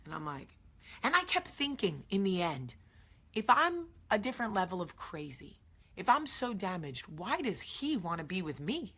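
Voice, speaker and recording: Husky, bright-voiced woman vlogging earnestly. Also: on the low side, sing-song, normal speed. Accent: New York area. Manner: emphatic and earnest, talks straight to viewers. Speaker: show host. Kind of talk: casual morning vlog monologue.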